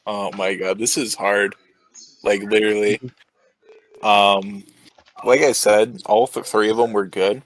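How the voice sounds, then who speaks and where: A young man with a somewhat low voice chats on a podcast as a guest. He teases the others playfully and hesitates a lot, filling gaps with "um". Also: little pitch movement, measured pace, long pauses, rough recording. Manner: playful, teasing, hesitant with fillers. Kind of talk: casual chat.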